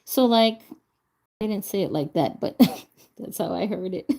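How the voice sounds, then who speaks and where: A woman's voice: on the low side, moderate pace, creaky, dark tone, slightly rough. A woman vlogger chatting casually as she crafts, laughing often and talking to herself while she recovers from a stroke. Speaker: doll vlogger.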